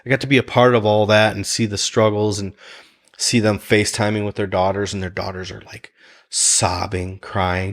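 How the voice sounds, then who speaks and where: A man talking casually on a podcast, telling animated stories and laughing often. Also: lowish voice, normal speed. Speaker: guest, fighters' chef.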